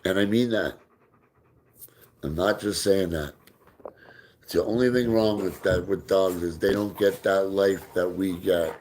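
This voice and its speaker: A man with a somewhat low voice hosts a casual live stream and chats easily with his viewers. He reads out their comments and answers them. Between comments he throws a ball for his dog and drops into soft baby talk with it. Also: slight background noise. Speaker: livestream host.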